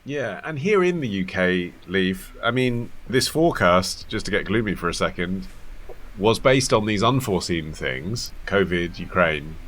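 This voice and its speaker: A man hosting a news discussion podcast, with wry, brisk links between segments. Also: low voice, expressive, a bit bright, slight background noise. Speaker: podcast host.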